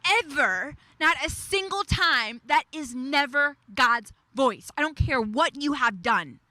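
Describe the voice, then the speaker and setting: A woman preaching a devotional message in an emphatic way, repeating key phrases and slowing down on declarations. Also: high voice, expressive, sharp tone, no room sound. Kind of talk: devotional sermon.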